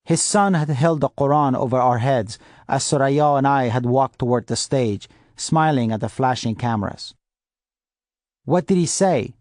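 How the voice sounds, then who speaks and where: A man reads a first-person novel in a steady, measured way. His voice sits in the middle range. The recording is dry and close. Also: medium pitch, no echo. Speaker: audiobook narrator. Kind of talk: first-person audiobook narration.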